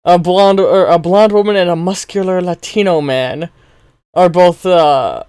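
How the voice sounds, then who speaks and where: A man's voice: sits high, unhurried, a little mellow, clear, resonant tone, dry recording, studio quality. A man narrating a role-play story as game master, often stumbling over words and laughing at himself. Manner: stumbling, self-mocking, chuckling.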